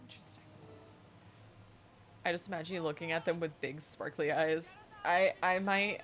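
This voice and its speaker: A woman's voice: lowish voice, fairly even intonation, moderate pace, long pauses, a bit bright, a little hiss or hum. A woman streamer chatting casually while playing a game, telling stories in a chatty, giggly way. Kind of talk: casual chat while gaming.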